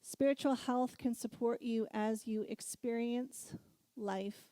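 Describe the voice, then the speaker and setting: Middle-aged woman speaker, warm storytelling sermon, laughs often, dry close sound. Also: fairly high pitch, takes it slowly, no room sound. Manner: storytelling, laughs often, animated when recounting. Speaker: guest speaker.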